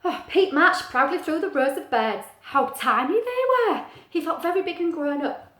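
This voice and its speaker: A middle-aged woman teacher reading a picture book aloud to children, gentle and animated, asking the listener questions. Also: high-pitched, moderate pace. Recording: echoey room.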